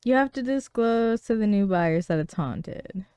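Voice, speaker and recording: Casting: woman podcast host, smooth clear voice, dry close mic, casual storyteller. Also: medium pitch, animated, measured pace, dark tone, no room sound. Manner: storytelling with frequent laughs. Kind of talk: casual chat reading a listener story.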